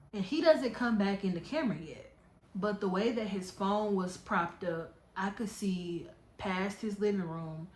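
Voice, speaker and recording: A young woman telling a personal story on her vlog, candid and animated as she retells it. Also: medium pitch. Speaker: storytime vlogger. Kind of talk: casual storytelling. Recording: echoey room.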